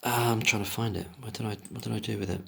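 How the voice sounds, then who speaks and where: Angry, swearing man with a low voice. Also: steady tone, fast, vocal fry, husky. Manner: emotional, indignant, swears often; reads passages aloud, then breaks off to rant. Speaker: commentator reading and discussing an article. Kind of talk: solo commentary, reading aloud with angry asides.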